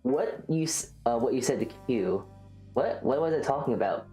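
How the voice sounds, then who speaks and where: A woman's voice: very deep voice, animated, normal speed, warm tone, faint music behind. A woman streamer chatting casually and rambling, joking at her own expense while reacting to chat. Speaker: livestreamer. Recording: roomy echo.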